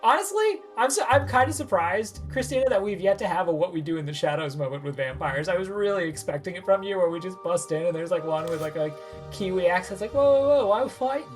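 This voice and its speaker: A woman player chats and jokes with her friends after a game session. Her banter is animated and her pitch bounces widely. Faint music plays behind her. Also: fast. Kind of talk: casual chat.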